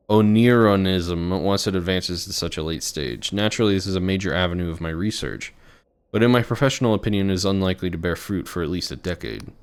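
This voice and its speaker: A man voicing a cold, suave male doctor who speaks in a pompous, theatrical, polished manner, with music playing clearly behind. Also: deep voice, natural voice.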